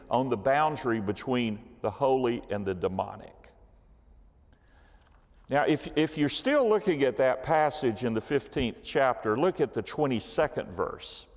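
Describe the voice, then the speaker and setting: A man's voice: medium pitch, big-room sound. A man teaching a church Bible study class, telling the story with animation and asking the class questions. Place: church hall.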